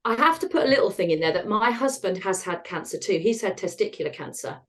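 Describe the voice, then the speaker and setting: A woman's voice: medium pitch, animated, fast talker, fairly bright tone. A middle-aged British woman, a retired osteopath, telling her own story frankly and wryly in an interview, acting out bits of dialogue. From United Kingdom. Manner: frank, wry, acts out dialogue in quotes.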